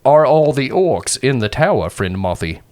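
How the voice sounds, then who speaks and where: A man's voice: medium pitch, big pitch swings, moderate pace, darkish tone, close to an everyday voice. A man playing a formal male elf adventurer who speaks in stiff, archaic phrasing. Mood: wry.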